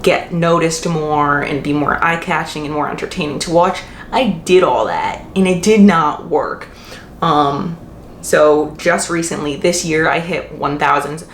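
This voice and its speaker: A young woman vlogs casually about motherhood, rambling and correcting herself as she goes. Her voice sits a little low for a woman. The sound carries the echo of a bare room with a faint hiss underneath. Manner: chatty, frequent fillers and self-corrections. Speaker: mom vlogger. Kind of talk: casual Q&A vlog.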